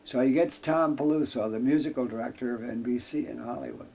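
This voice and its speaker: An older man from the United States tells an anecdote in an interview, using folksy phrasing and acting out what others said. His voice has a gravelly, creaky edge. A faint noise sits under it. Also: medium pitch, fairly quick, mellow. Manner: acts out other people's lines in a long tale; folksy wording with frequent "I says". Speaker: interview guest. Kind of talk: storytelling anecdote.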